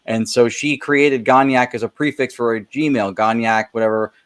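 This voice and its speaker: A man's voice: mid-range voice, steady tone, normal speed, fairly bright tone. A man guest in a casual interview, explaining his investigations at length and with enthusiasm.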